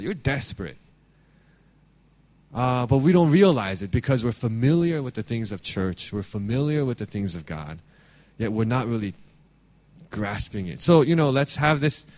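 A man's voice: medium pitch, a little mellow. A man giving an earnest, conversational sermon as pastor, reading scripture and restarting his phrases often.

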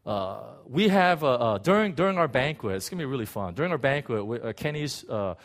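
A man preaching a sermon in an animated way, acting out biblical figures, with frequent restarts. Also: mid-range voice, a little fast. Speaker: pastor.

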